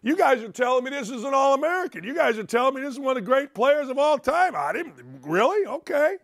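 A middle-aged man hosting a sports talk show, ranting in a brash, combative, mocking way with big swings in pitch and loudness. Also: sing-song, fast talker, gravelly. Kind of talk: opinionated sports radio rant.

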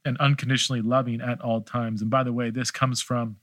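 A man's voice: mid-range voice, little pitch movement, brisk, a bit bright, no room sound. A middle-aged man hosting a listener Q&A, talking in a thoughtful, hesitant way with many restarts. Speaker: podcast host answering listener questions. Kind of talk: casual theological Q&A.

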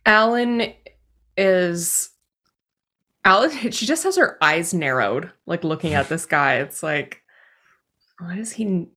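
A woman's voice: fairly low pitch, animated, slow, long pauses, pushed and bright. A woman playing in a tabletop game, talking in a chatty, amused way. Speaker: player.

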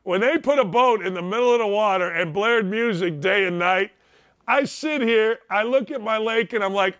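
A man hosting a show from his home, speaking in a high, bright register. His casual monologue is emphatic, full of repeated lines and asides to "ladies and gentlemen." The sound is dry and close, with no room echo. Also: normal speed. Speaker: show host.

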